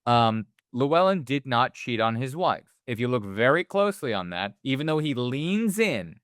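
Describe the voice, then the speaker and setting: A man's voice: mid-range voice, sing-song, normal speed, fairly bright tone, no echo, studio quality. A man co-hosting a movie podcast, talking casually and animatedly, swearing often and acting out characters' lines. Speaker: podcast co-host.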